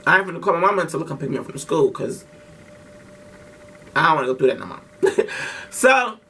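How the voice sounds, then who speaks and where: A man's voice: a little high, very animated, fairly quick, pushed and bright, far from the mic, slight background noise. A man telling a story casually to his vlog audience, slangy and profane, with lots of restarts. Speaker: vlogger.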